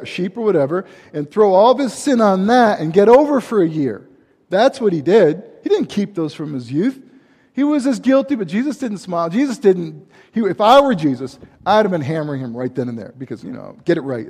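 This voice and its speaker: A man preaching a sermon in a rambling, animated way, breaking off into asides and laughing at himself. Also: fairly high pitch, fairly quick. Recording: hall reverb.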